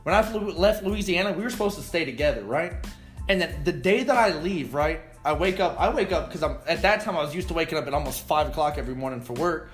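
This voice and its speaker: A young man in his twenties telling stories in a casual interview, animated and swearing, acting out what people said. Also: a little high, quick pace, roomy sound, soft background music. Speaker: guest. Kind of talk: casual storytelling.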